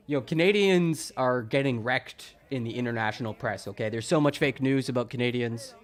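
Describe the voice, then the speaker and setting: A man's voice: medium pitch, unhurried, pauses often. A man from Wisconsin livestreaming, joking sarcastically, laughing a lot and chatting with his viewers. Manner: jokey, sarcastic, laughs often, chats with viewers. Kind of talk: casual livestream commentary.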